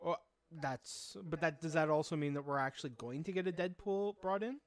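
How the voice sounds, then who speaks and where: A man's voice: on the high side, moderate pace. A man co-hosting a podcast in casual chat. He asks questions in a dry, wry way. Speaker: podcast co-host.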